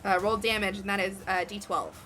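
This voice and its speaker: A woman running a tabletop game as game master, narrating the action in an animated way with frequent fillers. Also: mid-range voice, a little fast, music in the background.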